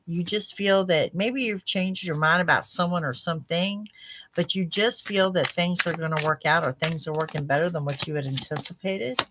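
A woman reading tarot cards for her viewers in an animated, chatty way, talking straight to them. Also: deep voice, slight background noise. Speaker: psychic tarot reader.

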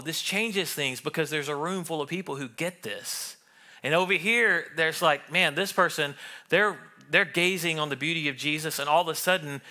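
A man preaching a sermon in a church room, animated and acting out what people think and say. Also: a little high. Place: church sanctuary.

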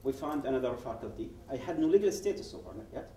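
A fast-talking man with a mid-range, warm voice and lively intonation speaks over a little hiss or hum. He's a guest speaker from Yemen offering personal testimony at a public event, storytelling style, performing the dialogue he quotes and frequently breaking off to restart sentences. The event hall is roomy, and the mic is far from him.

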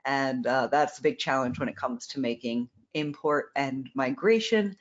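A company co-founder with a rumbling low voice speaks at normal speed, the recording's highs cut off. She fields product questions in a casual Q&A, frank and explanatory, repeating words while she thinks.

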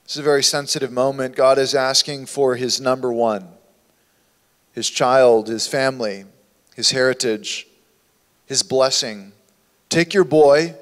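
A man preaching a sermon as a pastor, with impassioned delivery that swings from hushed to loud. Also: medium pitch, steady tone, measured pace. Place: church sanctuary. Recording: long hall reverb in a church.

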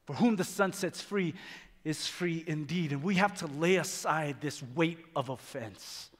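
A man's voice: a little high, measured pace. A male pastor preaching emphatically, repeating phrases and stumbling into restarts as he drives his points home. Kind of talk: sermon. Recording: reverberant hall with faint music.

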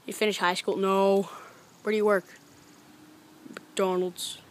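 A woman voicing a dim, blunt wisdom tree in a homemade comedy skit, giving flat, curt answers. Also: mid-range voice, unhurried, a little hiss or hum, lightly acted. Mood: deadpan.

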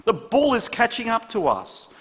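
Terrified man fleeing a bull, high and shrill, put on by a preacher, in a reverberant hall. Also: wildly swooping pitch, normal speed, a bit bright, full character voice. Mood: panicked. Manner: shrieking, high and panicky.

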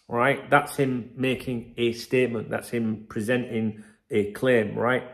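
Casting note: male football host, chatty and emphatic, mid-pitched. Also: level tone, a little slow. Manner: chatty, emphatic, keeps asking "right?", swears. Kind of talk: casual commentary to camera.

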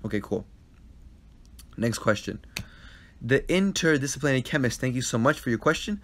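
A man at a middle pitch talks into his phone during a live Q&A, answering viewers' questions. He is earnest and a little repetitive, circling back over his advice and tossing in quick check-ins. His delivery is casual and conversational. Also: animated, fairly bright tone. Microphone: phone live stream.

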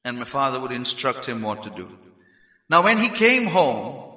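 A man from India preaching a sermon, emphatic and rising to shouts on key phrases. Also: mid-range voice, big pitch swings, moderate pace. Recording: roomy hall, dull lo-fi sound.

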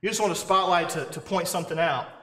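A man's voice: high-pitched, quick pace, sharp tone. A man preaching a sermon, emphatic and conversational, with rhetorical questions. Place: church sanctuary. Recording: echoey church hall.

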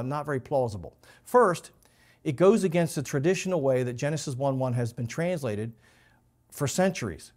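Measured male pastor explaining scripture. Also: a little high, darkish tone. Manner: measured, explanatory, stresses key words. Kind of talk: Bible teaching talk.

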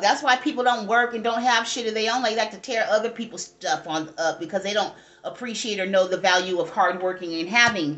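A woman's voice: fairly high pitch, fairly bright tone. A woman giving a casual tarot reading, blunt, profane and rambling as she talks straight to her viewers. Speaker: tarot reader.

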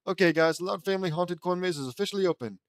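A man's voice: sits high, rapid-fire, no echo, clean studio sound, pitched above the performer's own voice. A man voicing a gloomy goth girl who runs a haunted maze, reading her lines aloud in a storybook audiobook. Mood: theatrical.

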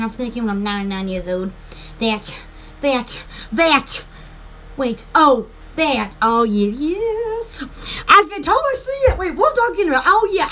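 A woman's voice: high voice, bright, forceful tone, slight background noise. A woman chatting in a rambling, goofy live stream at home, giggling often. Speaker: vlogger.

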